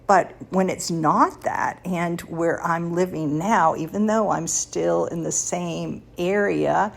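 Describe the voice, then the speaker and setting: A woman in her sixties speaks in a low, husky voice with a gravelly edge. She unhurriedly shares personal faith stories as a podcast host. She is confiding and laughs softly between thoughts. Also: takes it slowly. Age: 60s.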